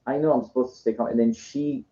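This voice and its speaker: A man's voice: mid-range voice, steady tone, fast, mellow. An older man telling a rambling, frustrated story in casual talk, swearing freely. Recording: dull lo-fi sound.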